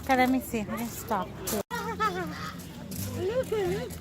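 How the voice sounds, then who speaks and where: A mother vlogging outdoors at a farm, talking slowly to her toddler in coaxing baby talk and making animal sounds. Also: high-pitched, very animated. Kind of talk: casual vlog narration while talking to a toddler. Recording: noisy outdoor camera audio. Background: outdoor noise and animals.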